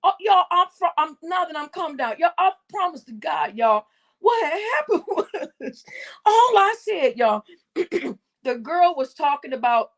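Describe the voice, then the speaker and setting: Brief: young woman streamer, very high voice, can't stop laughing, profane, talks straight to chat. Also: very animated, measured pace. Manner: keeps breaking into loud laughter, swears freely. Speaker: live streamer. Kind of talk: casual storytelling to a chat.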